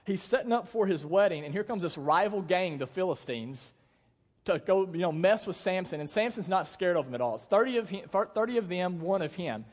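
Young male pastor, high voice, casual jokey sermon delivery, church hall with long reverb. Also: expressive, a little fast. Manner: casual, joking storytelling with acted-out quotes.

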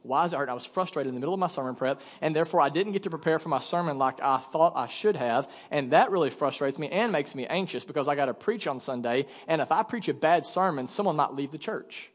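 Animated pastor in his thirties. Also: fairly high pitch, fast talker, few pauses. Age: 30s. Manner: animated, acts out quotes, jokes with congregation. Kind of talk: storytelling sermon. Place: church sanctuary. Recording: long hall reverb.

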